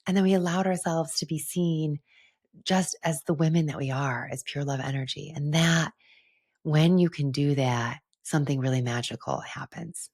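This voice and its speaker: A middle-aged woman hosting a reflective solo podcast, talking earnestly and gently about spiritual topics with "like" fillers and soft laughs. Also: low-pitched, fairly even intonation, normal speed, breathy edge, no room sound, studio quality. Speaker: podcast host and retreat leader.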